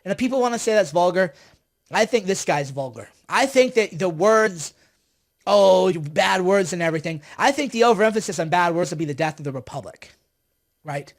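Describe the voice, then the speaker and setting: High-voiced man in a heated political rant. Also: expressive, normal speed. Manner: heated, sarcastic, repeats himself. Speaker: political commentator. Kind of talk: live-stream political rant.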